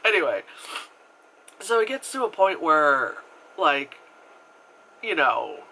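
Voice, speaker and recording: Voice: mid-range voice, big pitch swings, slow, pauses often, sharp tone, rough recording. A movie reviewer retelling a film in a casual, rambling way, full of "like" and swearing freely. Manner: rambling, filler-heavy retelling with frequent "like"; swears freely and acts out quoted characters.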